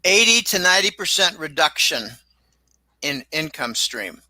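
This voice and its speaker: High-voiced bright older man rambling. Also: sing-song, unhurried, no room sound, rough recording. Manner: rambling storyteller, repeats words. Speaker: regular guest commentator. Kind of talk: casual chat on a livestream.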